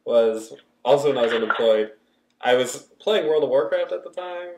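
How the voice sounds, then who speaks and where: A man's voice: mid-range voice, lively intonation, moderate pace. Male podcast co-host, chatty and giggly, roomy echo on a Skype call. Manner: laughs often, rambling anecdotes. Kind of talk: casual chat. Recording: echoey room over a Skype call.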